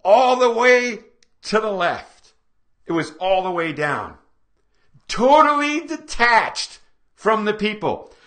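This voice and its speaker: A man presenting a seminar to a live audience, energetic and full of rhetorical questions aimed at the room. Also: high-pitched, takes it slowly, pauses often. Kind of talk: live lecture to a small audience.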